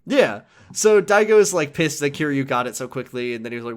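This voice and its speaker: Animated, rambling podcast host man. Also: medium pitch, fairly quick. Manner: animated, rambling, swears, laughs mid-sentence. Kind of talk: casual chat recapping a video game.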